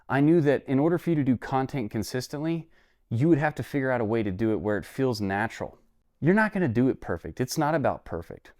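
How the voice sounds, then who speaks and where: A man's voice: mid-range voice, a little mellow. A man giving a casual, motivational business lesson to camera, talking conversationally and throwing in rhetorical questions and "okay?" checks. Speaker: online business coach.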